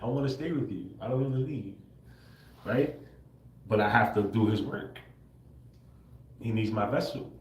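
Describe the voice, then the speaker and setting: A man speaks to his livestream viewers in a casual monologue, using a lowish voice at a moderate pace broken by long pauses. He laughs a lot, swears freely, and tags lines with "bro" and "right?". There's slight background noise plus a roomy echo.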